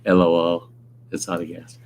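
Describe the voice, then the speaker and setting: A man hosts a livestream in casual chat, rambling and reading viewer comments aloud. His voice is low, monotone and darkish at normal speed, with a little hiss or hum in the audio.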